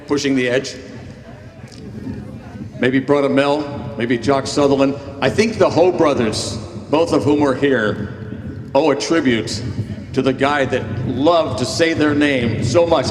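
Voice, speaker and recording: A man's voice: fairly high pitch, background noise. A man acting as master of ceremonies at a memorial, speaking upbeat to the crowd. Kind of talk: emcee remarks at a memorial. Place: outdoor beach gathering on a sound system. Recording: echoey public address with long reverb.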